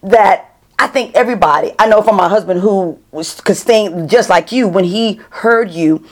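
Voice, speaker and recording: A woman's voice: mid-range voice, moderate pace. Chatty woman interviewer telling stories. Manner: chatty, animated storytelling with many restarts. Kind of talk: casual interview chat.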